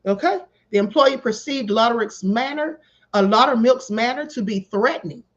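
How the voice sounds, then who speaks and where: A woman's voice: on the high side, normal speed. A woman hosting a live stream, reading news stories aloud in a chatty way and calling her viewers honey. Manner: chatty, calls viewers honey, bursts into laughter. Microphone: home live stream setup. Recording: slightly dull lo-fi stream audio.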